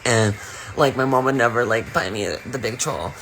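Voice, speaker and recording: A man's voice: moderate pace, music in the background. Campy, profane young man telling stories. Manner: profane, campy, bursts into high-pitched squeals when quoting. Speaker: streamer on a live video. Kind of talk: casual storytelling chat.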